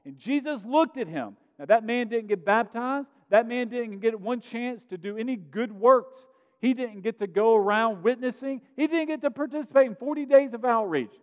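Male pastor, high voice, earnest sermon delivery, slightly muffled recording in a reverberant sanctuary. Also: animated, moderate pace. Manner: earnest preaching with rising emphasis and sudden drops to quiet. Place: church sanctuary.

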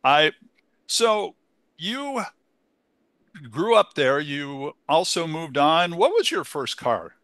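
A man's voice: on the high side, very animated, slow pace, pauses often, fairly bright tone, dry recording. A man co-hosting a car podcast, chatting casually with enthusiastic, playful asides. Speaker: podcast co-host.

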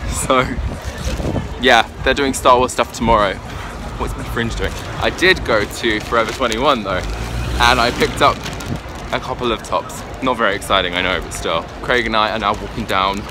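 A man's voice: medium pitch, moderate pace. A man, chatting casually and cheerfully through a weekly vlog, with rambling restarts. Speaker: vlogger. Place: out and about in a city, on streets and indoors. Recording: background music playing loudly.

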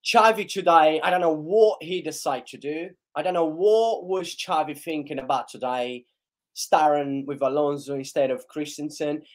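A man hosting a live match reaction stream, slightly hoarse, excitable and shouting and chanting at big chances. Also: fairly high pitch, normal speed. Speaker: live stream host, fan of the team.

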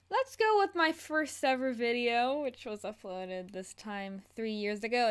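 A teenage girl with a high, bright voice hosts a casual reaction video. She chatters and giggles, poking fun at herself as she goes. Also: smooth. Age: teens. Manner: giggly, self-mocking, chatty. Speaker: channel host.

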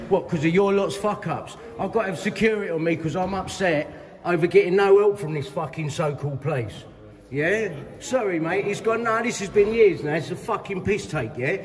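A middle-aged man from London, England, with a high, slightly mellow voice rants angrily while filming a complaint on his phone. He is profane, repetitive and heated, confronting someone inside a hospital waiting area, and the echoey hall gives a long reverb.

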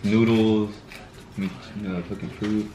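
A man's voice: fairly low pitch, little pitch movement, unhurried, warm tone, roomy sound, slight background noise. A man joking around with friends in a car, teasing and offhand. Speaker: friend behind the camera. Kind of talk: casual banter.

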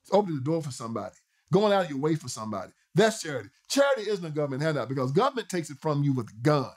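A man's voice: fairly high pitch, very animated, very fast. A man hosting a political commentary show, delivering an emphatic, repetitive, sermon-like monologue. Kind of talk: preachy monologue.

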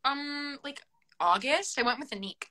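Young woman on a phone live call, high-ish bright voice, playful and teasing, kinda dramatic. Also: expressive, moderate pace, low-quality recording. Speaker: guest on a live stream. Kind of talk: casual chat. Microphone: phone on a live video call.

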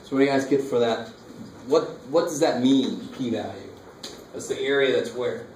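Casual math teacher lecturing a class. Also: male voice, mid-range voice, moderate pace, a little mellow. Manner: casual, asks the class questions. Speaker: math instructor. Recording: echoey classroom from far off, faint noise.

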